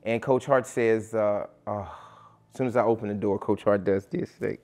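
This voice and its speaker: A man's voice: fairly low pitch, moderate pace, dull audio. A man who works as a school coach, retelling an incident in an interview and acting out the quotes. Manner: animated retelling, acts out quotes. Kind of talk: interview storytelling.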